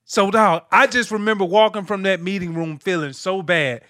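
A man in his thirties hosts a relaxed conversation and tells stories with animation, jumping into other people's voices as he goes. His voice sits high and sounds bright. The mic is close and dry. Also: normal speed, no room sound. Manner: animated storyteller, acts out teammates' lines. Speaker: podcast host, former linebacker. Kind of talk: casual chat, storytelling.

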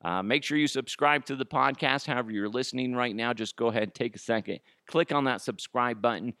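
A man's voice: medium pitch, brisk, bright, forceful tone, clean tone, dry recording, clean studio sound. A man hosting his solo podcast, ranting profanely and laughing at his own jokes. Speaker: podcast host.

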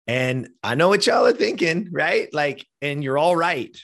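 A man's voice: on the high side, lively intonation, moderate pace, gravelly, hardly any pauses, a bit bright. Heartfelt fifty-something man telling a story. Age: 50s. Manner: heartfelt, frequent "like" and "you know", casual swearing. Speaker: podcast guest. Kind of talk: emotional personal storytelling.

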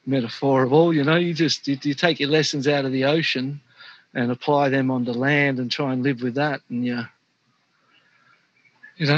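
A man's voice: medium pitch, pushed and bright, no room sound, lo-fi sound. A middle-aged man with an Australian accent, telling stories in a casual interview, laughing often and saying "mate" a lot. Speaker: interview guest, former pro surfer. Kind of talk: casual storytelling.

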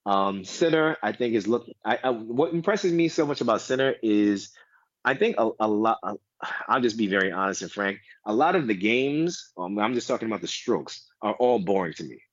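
A fairly low-voiced American man talks tennis in a loose, rambling way, restarting his sentences and throwing in animated asides. The sound is dull and lo-fi, with a dry, close feel and no room around it. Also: normal speed, no room sound. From United States. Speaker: guest DJ and tennis fan. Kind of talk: casual podcast chat.

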